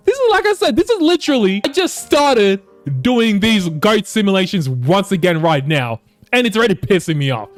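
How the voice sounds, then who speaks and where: A young man giving casual, frustrated commentary over a basketball video game, cursing and swinging from low mutters to loud outbursts. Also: very animated, moderate pace, soft background music. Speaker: gaming YouTuber.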